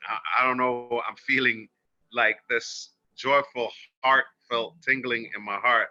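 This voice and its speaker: A man with a very bright, forceful voice gives a livestreamed oracle card reading in a soft, earnest and spiritual way. The sound is dull and lo-fi, like audio from a phone. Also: mid-range voice, fairly even intonation, measured pace.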